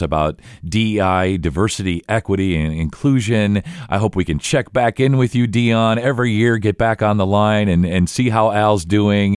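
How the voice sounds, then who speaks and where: A man's voice: low-pitched, a little mellow, clean tone, no room sound, clean studio sound. A man hosting a podcast interview, effusive and enthusiastic in his praise. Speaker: podcast host.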